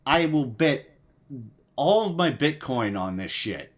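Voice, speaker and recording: A man's voice: on the high side, sing-song, takes it slowly. Profane, rambling young male streamer. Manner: profane, swears heavily; rambling with frequent restarts. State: sleep-deprived. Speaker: livestream host. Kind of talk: casual livestream commentary.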